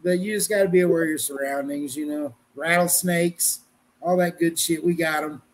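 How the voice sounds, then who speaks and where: Speaking at a moderate pace with a steady tone and fairly high pitch, a middle-aged man from Colorado, USA, who covers wrestling, chats loosely on a podcast. His talk is rambling, homespun, and profane.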